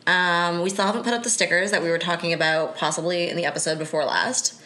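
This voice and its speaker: A woman co-hosting a podcast in casual, chatty conversation, relaxed and full of fillers. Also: lowish voice, fast talker. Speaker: podcast co-host.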